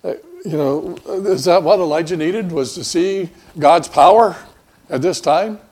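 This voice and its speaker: A man's voice: a little high, a little slow, a little mellow. A man pastor preaching a conversational sermon in a folksy, rambling way, with many fillers and restarts.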